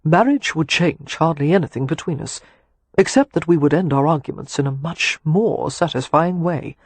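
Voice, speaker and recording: Narrator voicing a wry teasing gentleman. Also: fairly high pitch, animated, moderate pace, husky, dry recording. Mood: earnest. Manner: dry teasing quips, earnest. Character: adult male suitor, teasing and wry. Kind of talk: audiobook character dialogue.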